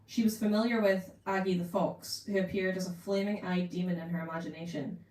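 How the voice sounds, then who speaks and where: A woman's voice: lowish voice, steady tone, fairly quick, darkish tone. Woman reading aloud in a roomy shop. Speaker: author reading her book. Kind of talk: live book reading. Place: bookshop event room. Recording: roomy room, distant mic.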